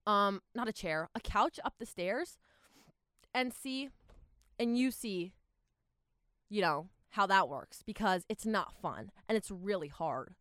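Chatty young woman vlogger, lively and rambling. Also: mid-range voice, slow pace, dry recording, clean studio sound. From Southern California. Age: young adult. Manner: rambling, animated, lots of fillers and restarts. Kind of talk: casual chatty vlog.

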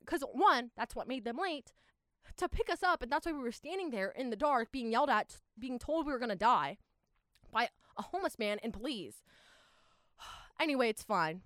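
A young woman in her twenties telling a travel story in a casual, animated way, full of "like" and exasperated asides. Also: a little high, normal speed, no echo, studio quality.

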